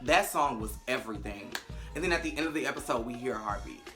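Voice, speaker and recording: A young woman, recapping a TV episode to camera, profane and animated, acting out the scenes with big vocal swings. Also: extremely low pitch, quick pace, music in the background. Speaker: TV recap vlogger. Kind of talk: casual recap commentary to camera.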